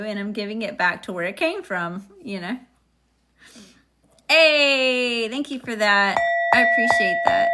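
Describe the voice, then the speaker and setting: A woman gives a casual live-stream tarot reading, her voice a little high with a sharp tone. She chats sassily and talks directly to her viewers.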